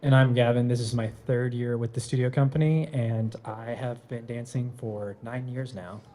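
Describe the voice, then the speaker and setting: A young American man, a ballet dancer, talking to children in a relaxed, modest way. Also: medium pitch, moderate pace, a little hiss or hum.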